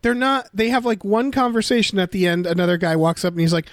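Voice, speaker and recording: High-voiced man chatting in a dry room. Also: fairly quick, few pauses, no room sound. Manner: rambling, animated, acts out quotes. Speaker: podcast co-host. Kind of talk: casual chat.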